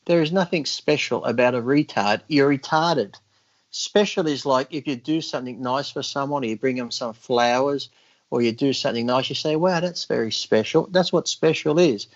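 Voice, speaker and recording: A man's voice: medium pitch, moderate pace. A man as a podcast guest in casual chat, blunt and profane, telling crude jokes and mocking people in put-on voices. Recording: slightly dull lo-fi audio.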